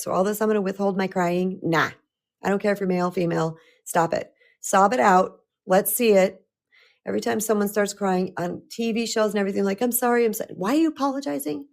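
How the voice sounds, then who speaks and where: A middle-aged woman coach talking casually on a live stream, chatty and animated, often restarting her sentences. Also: fairly low pitch, creaky. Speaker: spiritual empowerment coach.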